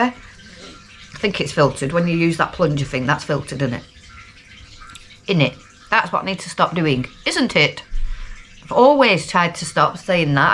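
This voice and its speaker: A woman's voice: sits low, fairly bright tone. A middle-aged woman from Lancashire with a Lancashire accent, talking casually and rambling in a down-to-earth video diary. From Lancashire, England. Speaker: vlogger.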